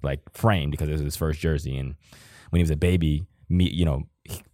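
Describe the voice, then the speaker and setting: A man with a very low, deep voice speaks casually and from the heart, rambling through his thoughts and swearing freely. The sound is dry and close, with no room echo. He is in his thirties and co-hosting a podcast. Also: steady tone, brisk, darkish tone. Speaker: podcast co-host. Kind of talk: casual emotional conversation.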